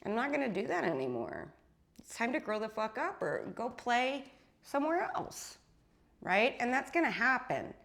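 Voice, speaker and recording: A woman's voice: on the high side, sing-song, normal speed, gravelly, a bit bright. A woman spiritual teacher giving an intense, blunt monologue to her followers, swearing freely and often tagging her points with a question.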